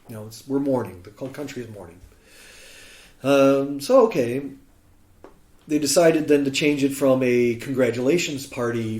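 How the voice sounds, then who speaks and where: A man from Chicago tells a long story as a podcast guest, slipping into the voices of the people in it. His pitch is mid-range for a man. The recording has a roomy echo. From Chicago, USA. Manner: animated storyteller who acts out quoted speech. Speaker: guest musician.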